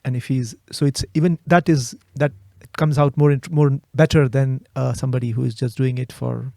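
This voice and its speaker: A man's voice: medium pitch, fairly even intonation, moderate pace, vocal fry, warm tone, dry recording, clean studio sound. A man hosting a casual interview, often offering his guest the right English word. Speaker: host and English teacher.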